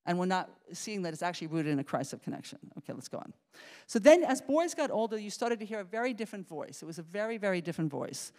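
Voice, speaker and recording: A middle-aged woman, a psychology professor, giving a lively public lecture, restarting sentences and talking straight to the audience. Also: on the low side, fast. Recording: reverberant lecture hall.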